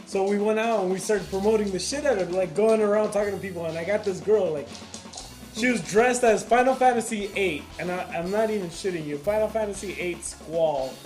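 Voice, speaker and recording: A man's voice: high-pitched, a little fast, darkish tone, soft background music, low-quality recording. A man co-hosting a podcast, telling a crude dating story in loose casual chat, full of "like". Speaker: podcast co-host.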